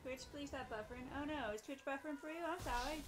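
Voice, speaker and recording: A woman's voice: high voice, quick pace, music in the background. A woman streamer giving playful, chatty live gameplay commentary with silly asides.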